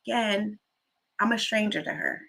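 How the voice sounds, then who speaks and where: A woman hosts a relaxed livestream and talks in a loose, chatty way. She drifts from one story to the next and pauses to read out and thank viewers for their comments. Her voice has a bright, forward edge. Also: mid-range voice, gravelly, slightly rough. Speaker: livestream host. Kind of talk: casual livestream chat.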